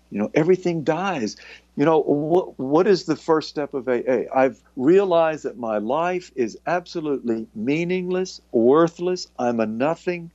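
A man's voice: mid-range voice, darkish tone, no room sound. A man delivers a sermon in a reflective, searching way, circling back and restarting his phrases as he goes. The recording is dry and slightly muffled. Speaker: preacher.

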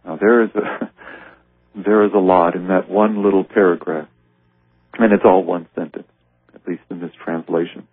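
A man's voice: low voice, flat delivery, normal speed, pauses often, breathy edge, no room sound. A man teaching on a devotional text for radio. He reads passages aloud and explains them earnestly. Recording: narrow, tinny radio broadcast sound.

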